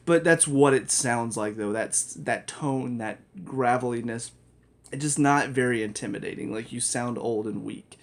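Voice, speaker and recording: A man's voice: medium pitch, unhurried. A man giving a casual spoken review of a TV show, rambling, correcting himself and laughing often.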